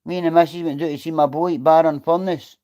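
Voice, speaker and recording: A man's voice: fairly high pitch, fairly even intonation, fast talker, lo-fi sound. A middle-aged man with a Scottish accent chatting bluntly and swearing freely as he answers viewers on his livestream. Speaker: livestreamer reading chat. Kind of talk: casual livestream chat.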